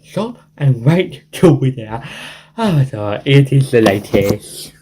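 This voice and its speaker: A man's voice: medium pitch, animated, slow pace, background noise. A man hosting a homemade news show, reading the news in an improvised way that rambles, repeats itself and keeps restarting phrases. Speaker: home news show host.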